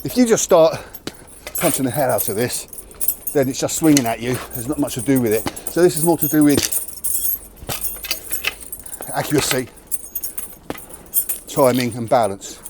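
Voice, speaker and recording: A martial arts host gives a casual demonstration to camera outside next to a tree, describing the training in a straightforward, candid way. He talks at normal speed in a medium pitch, leaving long pauses, with background noise present.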